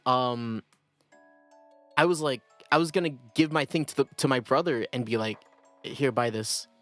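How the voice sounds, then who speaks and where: A man's voice: mid-range voice, fairly bright tone. A young man chatting casually on a livestream, rambling and self-deprecating, often breaking into laughter. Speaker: streamer.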